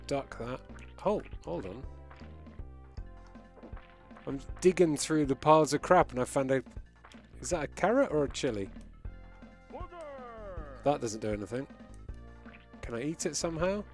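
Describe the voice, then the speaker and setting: A man's voice: medium pitch, lively intonation, unhurried, vocal fry, long pauses, faint music behind. A man giving live, amused commentary while he plays a retro game and reads chat. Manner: chatty, amused, reacting as he plays. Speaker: game streamer.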